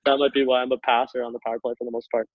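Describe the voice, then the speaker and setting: A man's voice: mid-range voice, no room sound. Young man laughing through a story, phone-line sound. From Canada. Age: young adult. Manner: laughs often while telling stories, relaxed, filler-heavy. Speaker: guest, hockey player. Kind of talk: casual storytelling. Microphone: call over internet. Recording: tinny phone-like line, dry.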